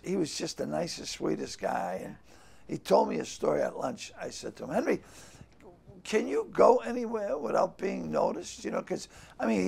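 An older man spins stories with a high, gravelly voice that is rough and husky at the edges. His pitch swings all over the place as he acts out quotes with sudden loud bursts in a casual interview. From Boston. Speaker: comedian guest.

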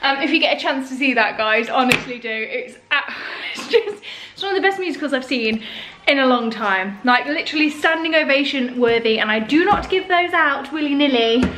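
A woman's voice: high-pitched, expressive, fairly quick, pushed and bright, a little hiss or hum. A young British woman, a lifestyle vlogger, chatting to camera in a bubbly, gushing way with plenty of fillers. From United Kingdom.

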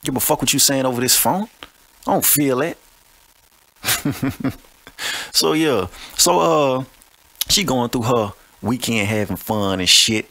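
A man's voice: medium pitch, slow, long pauses, sharp tone. A man hosting a podcast, telling a boastful, profane story in a swaggering, mocking way. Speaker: podcast host.

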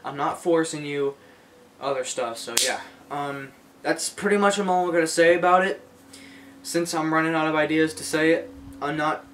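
Young male vlogger, fairly high voice, rambling, repetitive, lots of restarts. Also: moderate pace, a bit bright, slight background noise. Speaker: YouTuber. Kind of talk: casual unscripted vlog talk.

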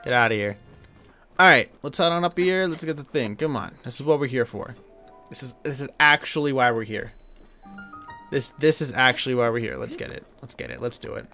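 A man's voice: mid-range voice, fairly quick, soft background music. A young man streaming a video game, joking and chatting with his viewers. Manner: jokey and animated, talks to viewers. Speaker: gaming streamer. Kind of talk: let's play commentary.

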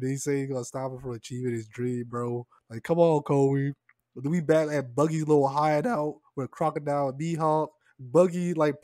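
A man's voice: on the high side, a little mellow, no room sound, studio quality. A man recapping and reacting to a comic chapter in a loose, slangy way, throwing in "man" and "bro" constantly. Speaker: manga chapter reviewer.

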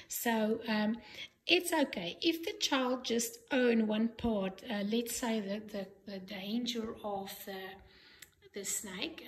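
A woman play therapist demonstrating sand tray therapy, explaining gently with frequent pauses and fillers. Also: medium pitch, slight background noise, rough recording. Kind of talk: instructional demonstration.

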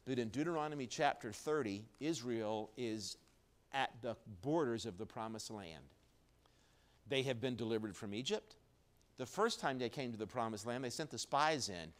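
A male pastor delivering a live sermon in a church, dropping low and quiet, then building to loud emphatic peaks. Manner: preaching with wide swings in loudness, low and quiet then rising strongly. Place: church sanctuary, recorded live.

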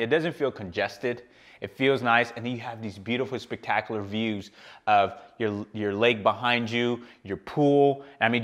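A man's voice: medium pitch, fairly bright tone. Male realtor, mid-range voice, eager, walks and talks through a big house. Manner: enthusiastic, lots of fillers and repeated praise. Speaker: real estate agent giving a house tour. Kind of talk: walking house tour. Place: large furnished home, indoors.

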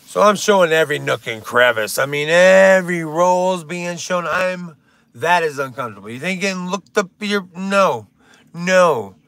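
A man's voice: sits high, moderate pace, a bit bright, no echo. A young man doing rambling stand-up on a live stream, swearing often and drifting into silly bits. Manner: rambling, swears a lot, breaks into silly songs.

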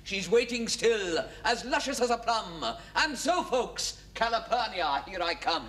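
A pompous singing Roman emperor. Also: male voice, high voice, animated, measured pace, noisy background. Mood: grand. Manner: grandiose, mock-Shakespearean, jokey. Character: pompous boastful Roman emperor Caesar, man. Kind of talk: sung and rhymed comic operetta. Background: orchestral music.

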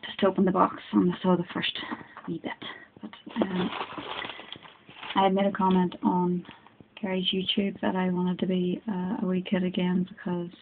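Gushing Northern Irish woman, tinny phone audio. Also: fairly low pitch. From Northern Ireland. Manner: chatty and gushing, with many fillers. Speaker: crafting vlogger. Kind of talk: casual unboxing chat. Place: at home. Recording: tinny, noisy phone recording.

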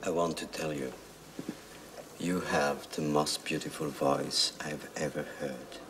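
A man's voice: very deep voice, slow pace, noisy background, heavily acted. An actor playing a playful, earnest male opera singer chatting over a meal. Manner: relaxed, earnest, teasing.

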